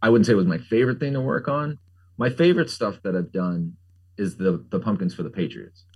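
A middle-aged pumpkin carver chats casually as an interview guest, his fairly low voice quick and slightly rough. He rambles and jokes, using "like" as filler again and again.

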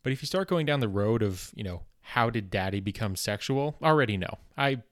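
A man's voice: fairly low pitch, lively intonation, brisk, no echo. Dry self-mocking man, close dry mic. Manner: dry, self-deprecating rambling. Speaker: podcast host. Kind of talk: comedic solo podcast monologue.

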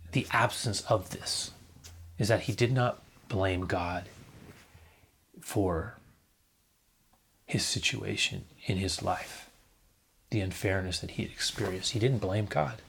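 A male preacher delivers a reflective sermon at an unhurried, deliberate pace. His voice sits low with a husky edge, rising to emphatic points and pausing to invite the congregation to repeat after him.

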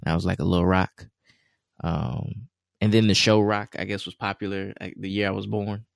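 A man's voice: on the low side, flat delivery, normal speed, gravelly, no room sound, studio quality. A young man in casual chat, talking in a laid-back, easygoing way.

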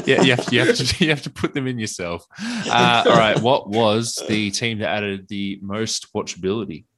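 A man's voice: medium pitch, animated, slow, long pauses, fairly bright tone, breathy edge. A man with an Australian accent hosting a casual late-night podcast chat, joking and laughing often. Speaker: podcast host.

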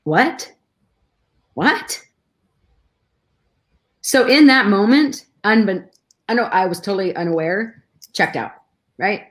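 A woman's voice: mid-range voice, animated, moderate pace. A middle-aged woman, a guest in a conversation, telling a personal story with emotion and many restarts.

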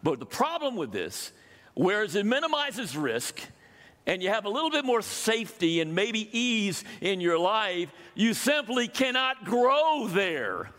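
Older male pastor, fairly high voice, chatty sermon delivery, long hall reverb. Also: very animated, moderate pace, a bit bright. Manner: conversational, asks the congregation questions.

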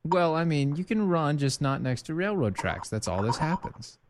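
A man's voice: a little high, very animated, normal speed. A man hosting a call-in show, chatting casually and joking with frequent fillers and restarts.

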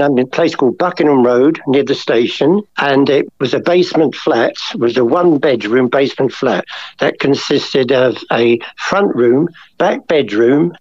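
A man's voice: medium pitch, a little mellow, no echo. Older male guest, rambling anecdotal talker, dry close sound on dull lo-fi audio. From England. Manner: rambling, chatty, many asides. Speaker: guest, painter. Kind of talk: casual storytelling interview.

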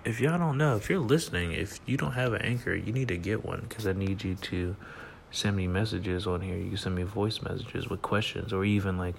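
Man, late-night solo podcast host, low voice, sleepy, loose rambling delivery, faint hiss behind. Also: fairly quick, vocal fry. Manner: rambling, laid-back, laughs often, trails off with fillers. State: sleepy, yawning. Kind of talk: casual solo podcast monologue. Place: at home at night.

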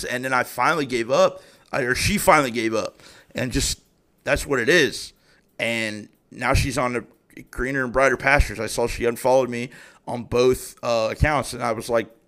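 Profane, animated young man hosting a podcast. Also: mid-range voice, normal speed. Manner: heavy profanity, animated and exasperated storytelling. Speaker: podcast host. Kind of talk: casual solo podcast rant.

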